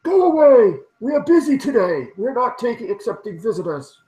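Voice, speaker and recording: A man voicing a flustered scholar who yells through a door in a raised, strained voice. He is short and brusque, and wants to be left alone. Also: very high-pitched, sing-song, moderate pace, roomy sound, voice pushed up, low-quality recording. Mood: shooing.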